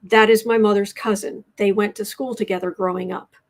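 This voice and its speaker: A US woman chats through a casual tarot livestream, reading cards and chat messages and frequently restarting her sentences. She talks fairly quickly at a medium pitch with fairly even intonation.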